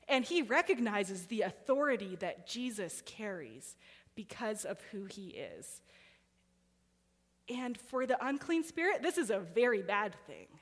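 A woman preaching a sermon in a conversational way, asking her listeners questions. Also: medium pitch. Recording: hall reverb.

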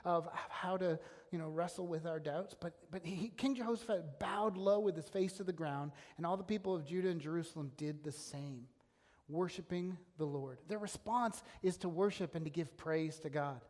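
A man with a high voice preaches a sermon, earnest and emphatic, often circling back to restart a phrase. His words ring out with a long reverb, as in a large church sanctuary. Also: moderate pace, a little mellow. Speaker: pastor.

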